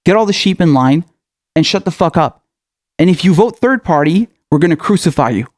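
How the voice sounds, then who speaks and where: A man's voice: fairly high pitch, animated, brisk, no echo, studio quality. A male political commentator in a furious, profane rant, firing off angry questions.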